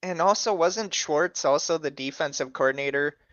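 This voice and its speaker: A man's voice: fairly high pitch, moderate pace, a bit bright. Opinionated man, dull lo-fi sound. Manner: profane, opinionated, name-dropping. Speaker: podcast co-host. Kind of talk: casual sports chat.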